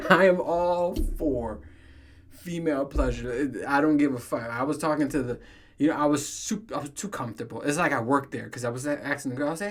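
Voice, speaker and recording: A man's voice: mid-range voice, normal speed. Profane man telling stories, laughing. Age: 30s. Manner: profane, storytelling, laughs often. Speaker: podcast host. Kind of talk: casual solo monologue.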